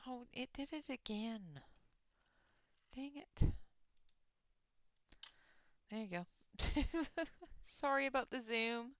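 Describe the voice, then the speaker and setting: A woman's voice: fairly high pitch, expressive, very slow, pauses often, a bit bright, no room sound, highs cut off. A woman hosting a live colouring stream from home, chatting in an easygoing, storytelling way. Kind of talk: casual chat while colouring.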